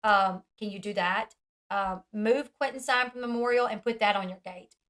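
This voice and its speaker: A woman's voice: mid-range voice, steady tone, normal speed, a bit bright. A woman hosting a commentary vlog, blunt and sarcastic, often mockingly mimicking others. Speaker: commentary channel host.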